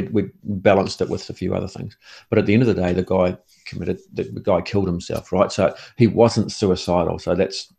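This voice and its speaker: A man's voice: sits low, gravelly, darkish tone. A middle-aged man, a former police negotiator, telling his story in earnest and often stumbling over and repeating words. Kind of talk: interview storytelling.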